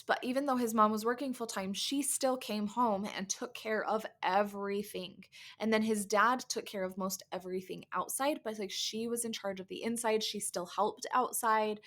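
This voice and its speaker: A woman's voice: medium pitch, a bit bright. A woman in her thirties hosting a podcast, giving a candid, conversational talk to mothers and often saying "like" and "right?". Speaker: podcast host and coach. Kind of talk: casual podcast monologue.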